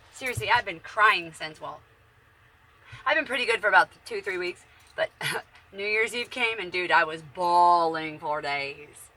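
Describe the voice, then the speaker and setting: A woman's voice: on the low side, pushed and bright, slight background noise. A woman in her forties, chatting bluntly and profanely from her bedroom in a casual, rambling monologue. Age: 40s. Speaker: vlogger.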